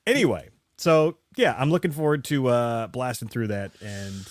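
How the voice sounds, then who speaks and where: Animated, profane middle-aged man. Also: medium pitch, normal speed, no echo, studio quality. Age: 40s. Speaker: podcast co-host. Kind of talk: casual chat.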